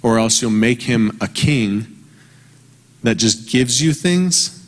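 A man in his thirties preaching a conversational, earnest sermon, slowing down for emphasis. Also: mid-range voice, animated. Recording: long reverb from a large hall.

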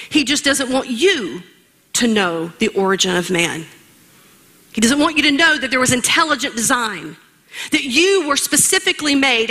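A woman's voice: high-pitched, pushed and bright. A woman preaching a sermon in an emphatic, rhetorical way, speaking straight to her listeners.

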